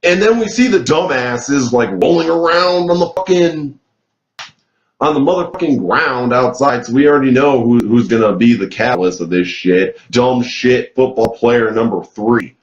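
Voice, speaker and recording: Man, angry ranting reviewer, constant swearing, lots of "like", mid-pitched voice, roomy echo. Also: normal speed, dull audio. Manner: swears heavily, rants angrily with filler "like". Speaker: TV show reviewer.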